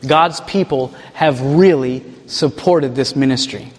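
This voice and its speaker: A man who leads a ministry tells a personal testimony in an animated way and chuckles as he goes. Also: medium pitch, measured pace, in a large hall. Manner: animated, chuckles while telling stories. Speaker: ministry leader.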